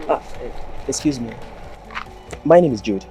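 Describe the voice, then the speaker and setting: A man playing a deep-voiced forward suitor. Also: animated, normal speed, mellow, faint music behind, natural voice. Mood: flirting.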